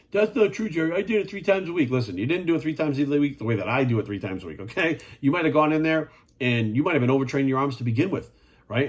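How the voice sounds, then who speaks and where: A man talking as a fitness coach in a casual monologue, blunt and profane, firing rhetorical questions at the viewer. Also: medium pitch.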